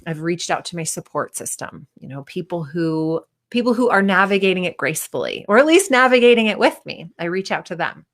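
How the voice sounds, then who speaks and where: A woman's voice: lowish voice, expressive, brisk, hardly any pauses. A woman in her thirties, a performance coach, giving a candid, casual talk and acting out the voices of people she quotes.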